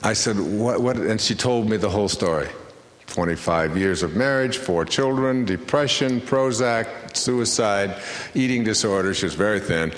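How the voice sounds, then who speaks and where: A man's voice: fairly low pitch, moderate pace. A man speaking to a live audience, telling a personal story in a conversational, anecdotal way and acting out the voices of the people in it. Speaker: motivational speaker. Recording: roomy lecture hall reverb.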